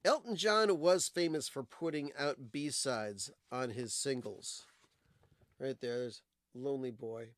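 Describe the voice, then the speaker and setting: Here the livestreamer speaks in a mid-range, fairly bright voice, taking things slowly. He holds up old records and rambles casually about singles and their B-sides, straying into stories and leaning on fillers. There's no reverb; the recording is dry.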